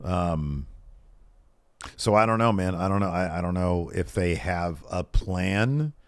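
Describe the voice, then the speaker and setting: A man's voice: sits low, measured pace, dry recording. A man co-hosting a casual wrestling recap podcast, telling the story with lots of restarts and musing. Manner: animated storyteller, uncertain musing with frequent restarts.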